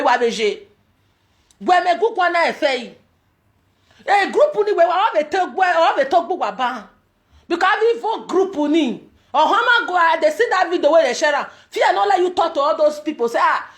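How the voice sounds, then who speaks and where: Very high-voiced Nigerian woman ranting. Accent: Nigerian Pidgin. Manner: emphatic, repetitive, loud outbursts. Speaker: vlogger. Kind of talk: ranting commentary.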